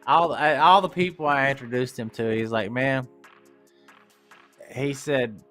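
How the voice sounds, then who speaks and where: A man with an Appalachian accent, hosting a livestream in casual, profane chat and talking in a slow drawl. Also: mid-range voice, fairly bright tone, faint music behind. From Appalachian United States. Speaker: livestream host.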